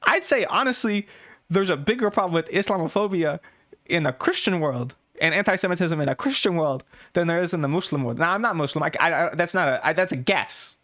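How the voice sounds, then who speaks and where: A woman's voice: fairly low pitch, fairly bright tone. A young woman giving casual reaction commentary, blunt and sarcastic, swearing freely and peppering her talk with "like.". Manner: frequent "like" fillers and quick laughs. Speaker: reaction YouTuber.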